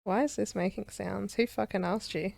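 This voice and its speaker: A woman's voice: mid-range voice, moderate pace, vocal fry, a little mellow, a little hiss or hum. A woman co-hosting a casual movie review chat, joking, swearing and acting out mock quotes. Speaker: podcast co-host.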